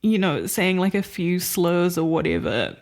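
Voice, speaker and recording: This co-host has a fairly low, somewhat mellow voice that's very animated yet a touch slow. She chats loosely about films she's seen, wandering off track with plenty of fillers and frequent laughs.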